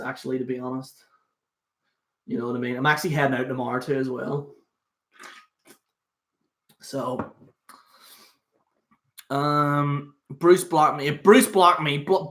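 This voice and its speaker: A man's voice: medium pitch, steady tone, a little slow, pauses often, a bit bright. A young man hosting a casual solo stream, rambling and swearing with lots of fillers. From Northern Ireland. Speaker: host. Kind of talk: casual solo livestream chat.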